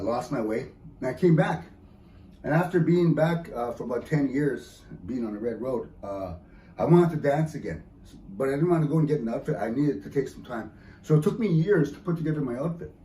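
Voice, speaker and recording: A man's voice: medium pitch, darkish tone. A man doing a joking stand-up comedy set in an event hall, often slipping into teasing mock voices. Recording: echoey room heard from a distance.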